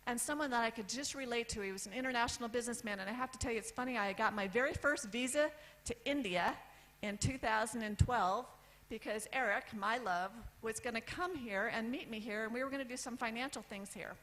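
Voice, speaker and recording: A woman in her fifties from the United States telling a personal story on stage, candid, with lists and pauses for effect. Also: on the high side, a bit bright, rough recording. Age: 50s. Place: event stage.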